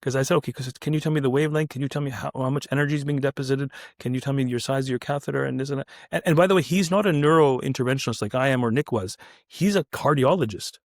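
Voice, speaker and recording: A man's voice: mid-range voice, fast, dry recording, studio quality. A man, a surgeon, telling a story casually and acting out the dialogue with quoted voices, often restarting his sentences. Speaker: neurointerventional surgeon, podcast guest.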